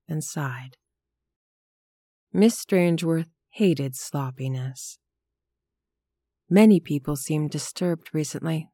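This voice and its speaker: A woman with a fairly low voice reads a story aloud in a measured, steady way. The recording is close and dry, with no room sound. Her delivery stays calm and unhurried. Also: no echo. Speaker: narrator. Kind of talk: scripted audiobook narration.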